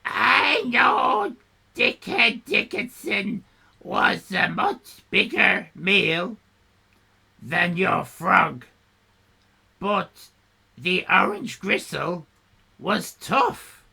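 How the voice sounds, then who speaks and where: A man voicing a gloating male crocodile in a raspy voice. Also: sits high, sing-song, very slow, long pauses, bright, forceful tone, voice pushed up, heavily acted.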